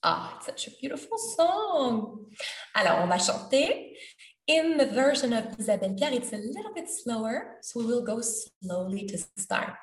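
A woman's voice: on the high side, big pitch swings. Patient woman teaching sounds. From Quebec. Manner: patient, demonstrates sounds slowly. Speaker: French pronunciation teacher. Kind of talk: podcast lesson. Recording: roomy, from a distance.

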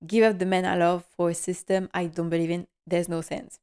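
A woman's voice: on the low side, flat delivery, fairly quick, darkish tone, smooth. A woman hosting a podcast, chatting enthusiastically and laughing often as she recaps a TV episode. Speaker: podcast host.

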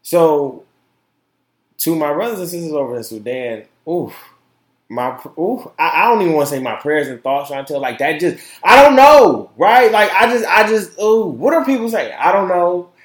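A man hosting his own podcast, talking in an impassioned, profane way, repeating words and swinging from loud outbursts to quiet asides. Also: on the high side, animated, moderate pace, roomy sound. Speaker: podcast host. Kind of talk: casual opinion podcast monologue.

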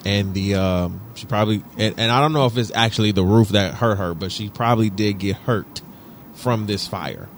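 A man from Detroit, co-hosting a podcast, telling a story in an animated, profane way and repeating himself for emphasis. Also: on the low side, moderate pace, slight background noise. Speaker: podcast co-host. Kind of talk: casual chat.

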